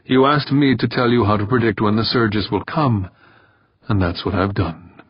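A man voicing a precise male mathematician who explains matter-of-factly with a sharp edge. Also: lowish voice, normal speed, breathy edge, no echo, highs cut off. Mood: curt. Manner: matter-of-fact, slightly sharp.

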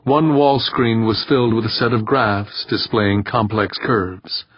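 Husky low-voiced male narrator. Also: steady tone, measured pace, hardly any pauses, no echo. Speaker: audiobook narrator. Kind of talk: scripted narration. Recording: dull lo-fi dry recording.

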